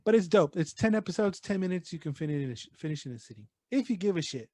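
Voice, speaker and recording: Fast, animated and a little mellow, this high-pitched podcast co-host rambles in casual conversation, cursing liberally and sprinkling in Spanish slang. It's a dry, studio-quality recording.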